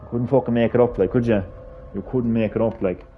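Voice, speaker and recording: A man's voice: mid-range voice, steady tone, fast, faint music behind. Irish guy ranting on stream, swears constantly, muffled mic. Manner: profane, heated, rambling. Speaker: gaming streamer. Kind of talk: casual ranting stream chat.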